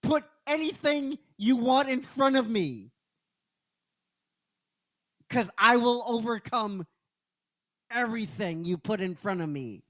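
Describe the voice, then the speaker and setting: Man doing a crying teen girl hero, high-pitched, defiant, shouting skyward, wide-swinging. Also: expressive, takes it slowly, long pauses, exaggerated voice. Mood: tearful defiance. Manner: shouting up at the sky in anguish.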